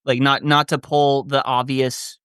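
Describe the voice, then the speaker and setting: Male co-host, blunt, trips over his words, mid pitch; dry mic. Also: flat delivery, a bit bright, clear, resonant tone, no room sound. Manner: blunt, halting with restarts. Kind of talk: casual chat.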